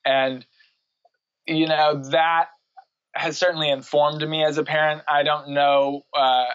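A reflective man in his thirties talks through his thoughts as an interview guest, pausing on fillers and laughing lightly. His voice sits at an ordinary pitch. The recording is muffled and very dry, with no room sound. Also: level tone, fairly bright tone, smooth, dry recording. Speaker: guest, writer and parent. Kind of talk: casual interview conversation.

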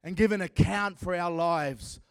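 A man with an accent preaches in a high, slow-paced voice. His delivery lurches from loud, shouted declarations to quiet, dramatic passages. The sound is dry and close. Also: clean tone, no echo. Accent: non-American. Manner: swings from shouting to hushed, dramatic. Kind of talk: sermon.

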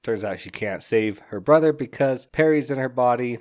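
A man's voice: mid-range voice, lively intonation, moderate pace. A man hosting a solo podcast, talking casually and enthusiastically in a rambling way, often acting out characters. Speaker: podcast host, book reviewer.

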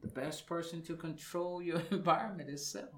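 A man's voice: fairly high pitch, moderate pace, fairly bright tone. A man, a fitness coach and studio guest, explaining exercise in casual radio talk and repeating words for emphasis.

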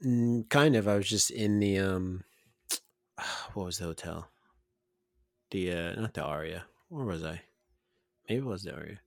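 A man's voice: low-pitched, a little slow, creaky, pauses often, dry recording, studio quality. A man co-hosting a podcast, telling rambling, self-deprecating stories in casual chat. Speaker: podcast co-host.

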